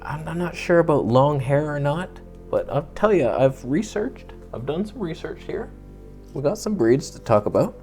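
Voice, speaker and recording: A man's voice: on the high side, expressive, normal speed, darkish tone, soft background music. Rambling jokey young man vlogging. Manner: rambling storyteller, jokey, swears casually. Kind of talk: casual chat to camera.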